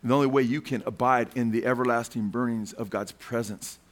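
A man's voice: medium pitch, fairly even intonation, fairly quick. Fervent preacher man calling out "man". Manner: fervent, keeps calling listeners "man", asks the crowd questions. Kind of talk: sermon.

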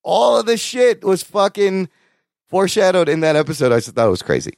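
Fired-up podcast guy, swears a lot, fairly high voice, no room sound. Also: a little fast, gravelly, no echo, studio quality. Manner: animated, excitable, swears often, jumps around in pitch. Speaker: podcast co-host. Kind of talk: casual chat.

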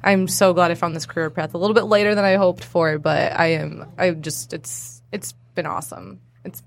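A woman's voice: on the low side, steady tone, normal speed, gravelly, slight background noise. A young adult woman, a hairstylist and cosplayer, chatting as a podcast guest in a bubbly way with frequent laughs. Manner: bubbly, laughs often, lots of fillers. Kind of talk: casual interview chat.

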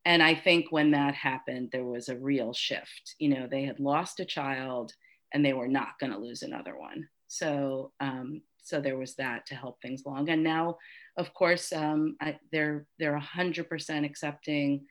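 A middle-aged woman telling a personal story as an interview guest, halting and heartfelt, with many restarts and fillers. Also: low-pitched, fairly even intonation.

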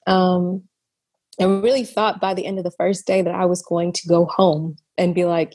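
A young adult woman from the United States telling a personal story in a casual, animated way, acting out her own past reactions. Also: mid-range voice, measured pace.

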